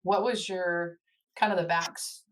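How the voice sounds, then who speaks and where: A woman hosting a faith podcast, with a somewhat low voice. She asks her guest questions in an encouraging, conversational way. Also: steady tone, slow pace. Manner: warm, encouraging interviewer. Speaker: podcast host. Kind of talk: conversational interview.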